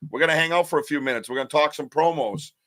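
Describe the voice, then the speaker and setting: A man's voice: on the high side, very fast, pushed and bright, no room sound. A man hosting a live podcast, chatting loosely, joking and rambling in slang. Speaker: podcast host. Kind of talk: casual live-stream chat.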